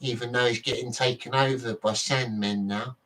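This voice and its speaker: A man's voice: mid-range voice, fairly even intonation, normal speed, fairly bright tone, distant mic, low-quality recording. Rambling man talking off-mic. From Britain. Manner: rambling, self-correcting, swears casually. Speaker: vlogger. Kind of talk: casual rambling monologue.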